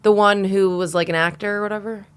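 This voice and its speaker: A woman's voice: medium pitch, steady tone, quick pace, smooth. A woman co-hosting a podcast in casual chat, blunt and swearing freely. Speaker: podcast co-host.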